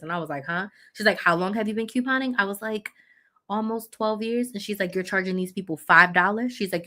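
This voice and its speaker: A woman's voice: medium pitch, quick pace, sharp tone. A woman in her thirties, a business coach hosting a live chat, telling her own story bluntly and with animation, correcting herself as she goes.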